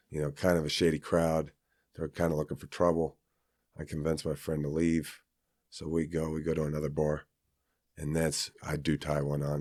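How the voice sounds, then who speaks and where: A man's voice: a bass voice, darkish tone, no echo, studio quality. A man from Kansas, a podcast guest, telling a personal story in a rambling, casual way with many fillers and restarts.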